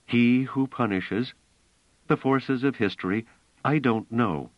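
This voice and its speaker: A man's voice: medium pitch, no room sound, pitched above the performer's own voice, lightly acted. A man doing a proud, touchy superstitious woman. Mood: intense. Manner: tense, emphatic, slow deliberate delivery. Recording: slightly dull, dry audiobook recording.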